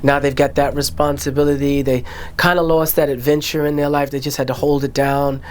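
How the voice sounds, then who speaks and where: A middle-aged man tells his life story in a relaxed interview. His delivery is animated, and he slips into the voices of relatives as he goes. His pitch sits in an ordinary middle range. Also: fairly quick. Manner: animated, acts out family voices and quotes. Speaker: interview guest, musician. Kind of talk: candid storytelling conversation.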